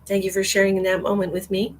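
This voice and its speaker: A woman's voice: mid-range voice, monotone, fast talker, darkish tone, poor audio. A woman working as a psychic medium, giving a live-streamed reading in a soothing voice and guiding her viewers through a short meditation.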